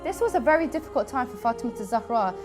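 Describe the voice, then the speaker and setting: A woman narrating religious history for a documentary, gentle and earnest. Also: fairly high pitch, animated, fast. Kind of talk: documentary storytelling. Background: faint background music.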